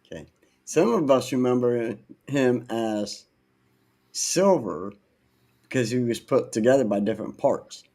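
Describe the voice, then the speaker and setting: A man's voice: mid-range voice, animated, unhurried, warm tone. A man co-hosting a podcast, chatting casually and chiming in often with short agreeing replies. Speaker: podcast co-host. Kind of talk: casual chat.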